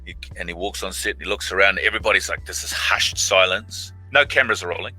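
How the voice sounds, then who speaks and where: A man's voice: deep voice, fast, pushed and bright, no echo, soft background music, rough recording. A middle-aged man, an actor guest, telling casual stories over a video call, acting out quoted lines in big voices. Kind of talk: casual anecdotal storytelling.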